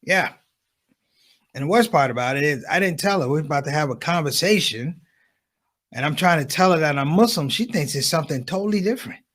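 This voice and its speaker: A man doing a stand-up comedy set on a conference stage, telling stories and acting out the people in them with quick shifts in voice. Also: a little high. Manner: animated storytelling, acts out characters with quick shifts in voice.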